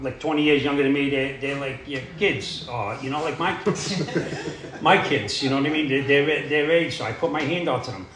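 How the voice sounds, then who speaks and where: A man's voice: mid-range voice, a bit bright, slight background noise. A middle-aged man telling his recovery story in a plain, rambling way, full of "you know" and "uh". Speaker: AA speaker sharing his story. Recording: echoey room.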